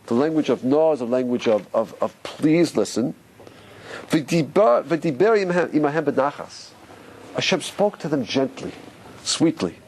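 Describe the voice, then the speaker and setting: A man, a rabbi, teaching a lively Torah class, questioning his listeners and repeating key points for stress. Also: a little high.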